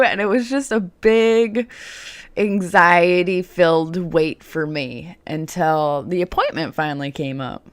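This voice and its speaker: Low, smooth-voiced woman telling her story. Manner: candid, chatty, with many "like" fillers. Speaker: vlogger. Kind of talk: casual personal storytelling.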